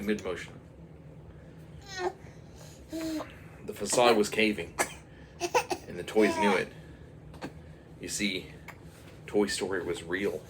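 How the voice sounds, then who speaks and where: A man's voice: low-pitched, creaky, noisy background. A man telling a rambling comic story, full of sound effects and put-on voices. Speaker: comedic storyteller.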